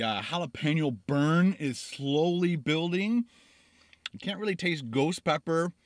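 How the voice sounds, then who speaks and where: Sitting in his car, a middle-aged man casually reviews sandwiches for a food vlog, chewing and talking with his mouth full. His voice is slightly high, with no echo.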